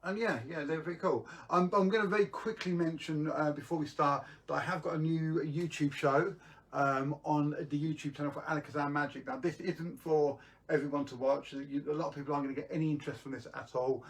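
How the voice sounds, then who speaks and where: A man's voice: on the high side, fairly even intonation, a little fast, recorded from a distance. A man hosting a live magic stream, chatting casually to viewers with lots of ums and restarts.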